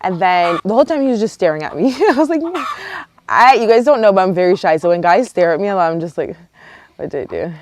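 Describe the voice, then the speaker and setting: A young woman from Canada vlogging outdoors, chatty and animated, telling a storytime with lots of quoted dialogue. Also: medium pitch, fast, a little hiss or hum. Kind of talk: casual storytime vlog. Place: outdoors near a yard with roosters and hens. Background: roosters and hens.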